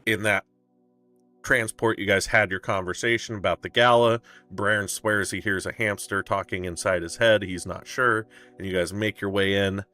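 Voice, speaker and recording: A man narrating as game master in a relaxed, descriptive way, with frequent fillers. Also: lowish voice, normal speed, soft background music.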